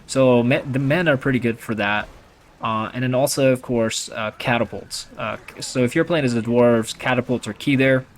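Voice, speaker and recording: A man's voice: mid-range voice, moderate pace. A young man giving casual, rambling commentary over his own strategy gameplay, chatty and full of fillers and restarts.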